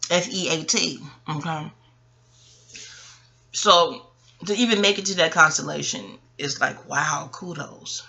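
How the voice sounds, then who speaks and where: A woman's voice: sits low, unhurried, creaky, pauses often, pushed and bright, breathy edge. A woman hosting an audio-only astrology talk, rambling off on tangents, joking and cursing freely. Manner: rambling, digressive, profane and playful. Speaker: astrology video host. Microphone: audio-only home recording.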